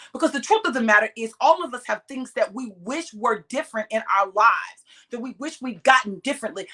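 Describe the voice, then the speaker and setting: A woman's voice: fairly high pitch, sharp tone. A middle-aged woman preaching straight to her listeners, emphatic and direct, drawing out the words she stresses. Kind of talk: sermon-style exhortation.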